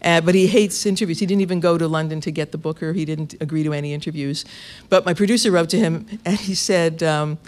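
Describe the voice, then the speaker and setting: Guy, radio interviewer, chatty storyteller, kinda high voice, laughs a lot as he goes. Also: fast, few pauses. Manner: lively storyteller, laughs often, restarts phrases. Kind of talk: conversational anecdote.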